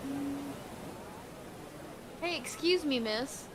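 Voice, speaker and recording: A woman's voice: sits high, very slow. Friendly woman playing a tabletop game, noisy mic. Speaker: player. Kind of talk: casual role-play.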